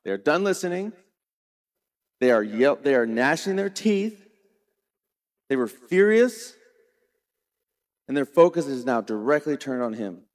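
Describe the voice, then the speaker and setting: A middle-aged man preaching a sermon, retelling a scripture story dramatically and shifting between quiet and loud. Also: mid-range voice, very animated, measured pace, long pauses. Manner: dramatic storytelling preacher, varies volume widely. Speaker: pastor.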